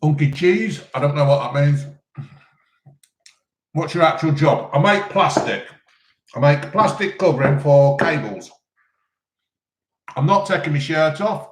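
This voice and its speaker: A man rambles through a live chat between mouthfuls, with lots of ums. His voice sits a little high for a man. The room rings with a noticeable echo. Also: a little slow, pauses often. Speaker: live-stream host answering chat. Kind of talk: casual live chat while eating. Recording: roomy echo.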